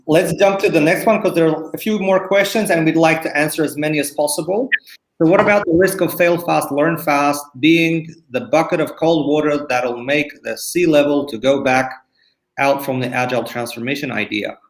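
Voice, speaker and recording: A man's voice: a little high, echoey room, low-quality recording. A man moderating a webinar, reading out audience questions and keeping time. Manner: reads audience questions, brisk.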